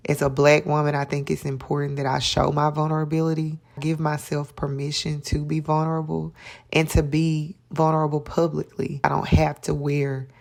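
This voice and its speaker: A woman's voice: low voice, flat delivery, normal speed, creaky, darkish tone. A woman telling her own story to camera in a candid, chatty way, with lots of ums and likes. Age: adult mother. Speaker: vlogger. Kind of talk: casual personal storytelling to camera.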